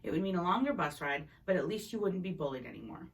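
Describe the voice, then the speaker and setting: A woman voicing a worried, protective father, speaking in a firm, measured way. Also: lowish voice, animated, recorded from a distance.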